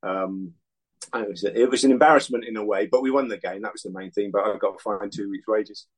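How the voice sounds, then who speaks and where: Former pro footballer in his sixties, interview guest, lowish voice, loose anecdotal storyteller. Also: brisk, poor audio. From England. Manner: rambling anecdotes, acts out other people's lines.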